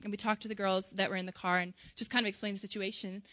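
A woman's voice: mid-range voice, little pitch movement, fast talker, a bit bright, no room sound. Dry-voiced young woman telling a story. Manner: casual, chatty with frequent "like" and "um". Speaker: church outreach volunteer. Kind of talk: personal testimony storytelling.

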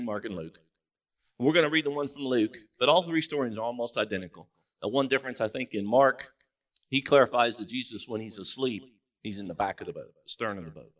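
A man preaching a sermon as pastor in a church, in a relaxed conversational way with joking asides. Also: mid-range voice. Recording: distant mic in a church.

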